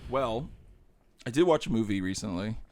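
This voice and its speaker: A man's voice: on the low side, expressive, normal speed, warm tone, dry recording. A man co-hosting a film podcast in loose, jokey casual chat, laughing often. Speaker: podcast co-host.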